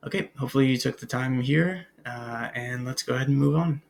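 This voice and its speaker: A man's voice: medium pitch, fairly quick, gravelly. A man teaching a recorded French language lesson, hesitant with many ums and uhs, spelling out words letter by letter.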